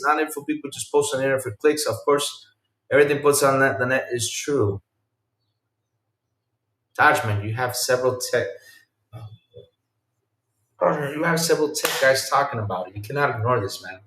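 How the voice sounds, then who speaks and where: A man's voice: on the high side, fairly quick, long pauses, fairly bright tone, roomy sound. A man hosting a gaming podcast, chatting casually and reacting to live chat, laughing often and repeating himself.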